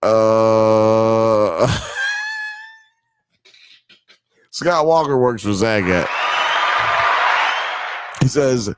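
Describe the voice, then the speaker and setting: A man's voice: on the low side, very slow, long pauses, clear, resonant tone, no room sound. A man hosting a live stream, reading chat comments aloud in a casual, joking way with frequent laughter and swearing. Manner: animated, laughing, mock accents, swearing.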